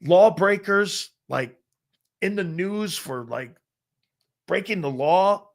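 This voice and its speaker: Male sports talk host in his fifties, brash and boastful, fairly high-pitched, restarts often and acts out quotes. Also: expressive, slow, creaky. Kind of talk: casual sports talk storytelling.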